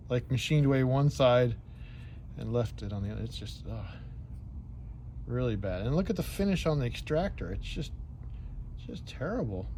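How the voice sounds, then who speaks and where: Poor audio with a little hiss or hum carries a medium-pitched, darkish-toned American man. He's a channel host cleaning and disassembling a gun, muttering to himself, thinking aloud, and cracking jokes in rambling asides.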